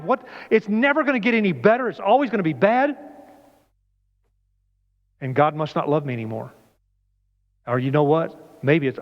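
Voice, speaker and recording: A man preaching a conversational sermon in a church, often asking the congregation questions. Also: high-pitched. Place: church sanctuary. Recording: dull lo-fi church recording with long reverb.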